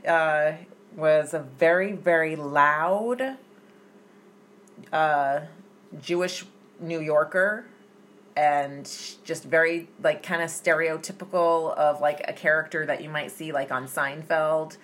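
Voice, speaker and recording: A woman from Massachusetts, USA, casually tells stories about her youth in a chatty way, with many fillers and restarts. Her voice is low-pitched and fairly bright, and she speaks slowly. A little hiss or hum can be heard.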